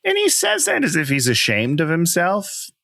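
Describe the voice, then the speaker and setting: A man's voice: a little high, huge pitch swings, normal speed, creaky, sharp tone, dry recording, clean studio sound. A man co-hosting a casual movie-review podcast, riffing with sarcastic mock outrage. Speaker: podcast co-host.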